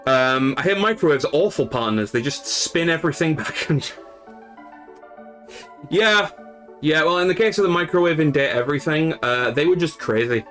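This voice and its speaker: Soft background music plays as a Yorkshire-accented man from the north of England rambles casually to his live stream viewers, full of restarts and fillers. He speaks at a moderate pace in a fairly high, fairly bright voice.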